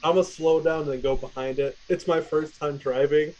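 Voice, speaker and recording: A man's voice: on the high side, steady tone, moderate pace, a little mellow, highs cut off. A man playing a tabletop game, chatting casually with loose, laughing asides. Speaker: player.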